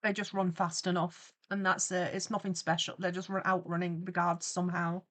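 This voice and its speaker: Reading chat comments aloud and reacting with excitement, a woman animates during a live stream. Her voice sits lowish, at normal speed.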